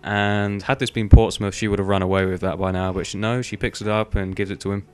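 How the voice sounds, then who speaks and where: A man's voice: lowish voice, flat delivery, a little fast, clear, resonant tone. A young man giving casual, rambling gameplay commentary, swearing offhandedly and filling gaps with "um" and "like". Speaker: gaming video host.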